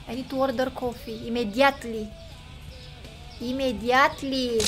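High-pitched excitable woman gamer. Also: measured pace, a little hiss or hum. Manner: excitable, talks to chat, exclaims loudly and mutters numbers. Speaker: game streamer. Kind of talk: casual gameplay commentary.

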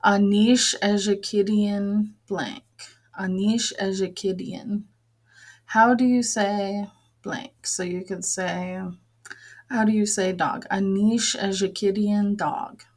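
Slow, patient woman teaching vocabulary. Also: mid-range voice. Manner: patient, repeats each word slowly, frequent fillers. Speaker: language teacher. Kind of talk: slow, careful vocabulary lesson with repeated words.

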